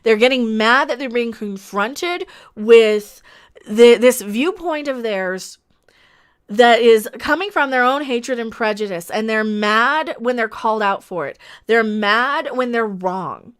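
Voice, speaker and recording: A woman hosts a livestream with a high, smooth voice. She rants with passion, stacking up rhetorical questions, and stops to read out viewer comments. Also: slow pace. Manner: impassioned, ranting, reads viewer comments aloud. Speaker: livestream host.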